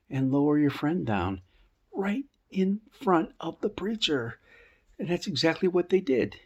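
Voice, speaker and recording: Folksy gravelly man teaching a Bible lesson. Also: medium pitch. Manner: folksy, animated storytelling with rhetorical questions. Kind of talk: casual Bible lesson, acting out quotes. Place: rooftop outdoors.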